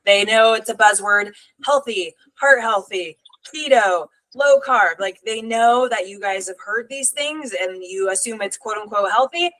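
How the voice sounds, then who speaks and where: A woman's voice: mid-range voice, a little slow, fairly bright tone, low-quality recording. A woman hosting a casual live stream as a nutrition coach, blunt and swearing freely as she rallies her viewers.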